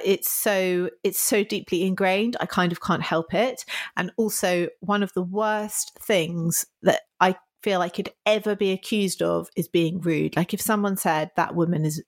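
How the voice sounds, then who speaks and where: A British woman co-hosting a podcast in casual chat, animated and playful, laughing easily as she teases her co-host. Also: fairly low pitch.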